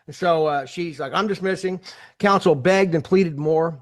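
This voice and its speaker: Man, host, casual storytelling, slightly high pitch, acts out quotes, frequent restarts. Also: normal speed. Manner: animated, acts out quoted voices, many restarts. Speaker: host retelling a court case.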